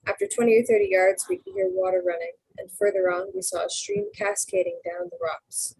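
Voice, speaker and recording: A woman reading a novel aloud in an easygoing, unpolished way, tripping over words and correcting herself now and then. Her voice sits low and husky with a gravelly edge. The recording is close and dry, with no room sound. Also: steady tone, fairly quick, a little mellow, low-quality recording. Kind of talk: casual read-aloud narration.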